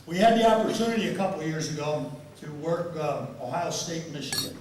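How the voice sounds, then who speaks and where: An older man with a fairly high voice speaks fairly quickly, giving an after-dinner speech as a guest speaker and football official. He tells stories that amuse himself and often repeats words. The recording, made in a large members' dining room, sounds like an echoey hall with his voice distant and slight background noise.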